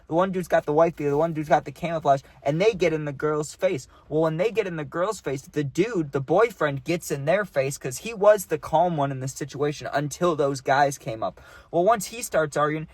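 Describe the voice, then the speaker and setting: A man's voice: fairly high pitch, no room sound. Rambling young man telling a story. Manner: rambling, filler-heavy, acts out quotes. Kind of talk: casual storytime monologue.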